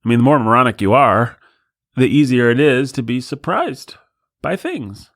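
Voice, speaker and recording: Guy hosting a podcast solo, sarcastic and rambly, lively up-down voice, dry studio sound. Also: medium pitch, moderate pace, no room sound. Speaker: podcast host.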